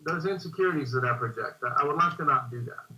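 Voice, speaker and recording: A man's voice: a little high, fast talker, pushed and bright, a little hiss or hum. A man calling in to ask a question, speaking hesitantly with many fillers. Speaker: caller. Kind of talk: call-in question. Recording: dull lo-fi call line.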